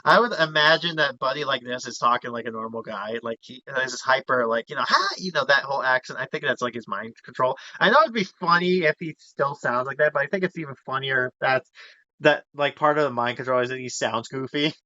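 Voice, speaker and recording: A man's voice: medium pitch, brisk, pushed and bright, highs cut off. A young man hosting a casual podcast, rambling through a story recap with frequent laughs and fillers. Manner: rambling, laughs often, acts out character voices. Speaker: podcast host.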